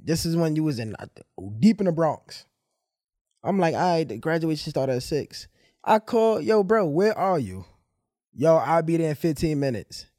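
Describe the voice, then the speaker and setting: Animated young New podcast host. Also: male voice, on the high side, normal speed, no echo, studio quality. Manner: animated storyteller, acts out dialogue. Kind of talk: casual storytelling chat.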